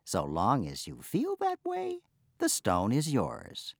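A man's voice: mid-range voice, huge pitch swings, creaky, dry recording, exaggerated voice. Storybook dwarf, curt and lecturing, as a man reads it; dry sound. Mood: scolding. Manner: snapping, lecturing, measured. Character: curt, snappish red-headed dwarf, scolding mortals.

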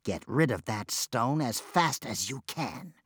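A man voicing a curt, snappish dwarf who lectures in a measured way. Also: mid-range voice, animated, a bit bright, husky, no echo, clean studio sound, full character voice. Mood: scolding. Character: curt, snappish red-headed dwarf, scolding mortals.

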